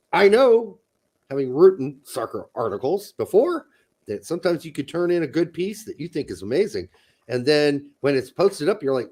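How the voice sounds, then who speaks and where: A man co-hosting a casual soccer talk show, profane and animated, bursting into loud mock rants. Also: on the high side. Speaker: podcast co-host. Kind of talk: casual chat.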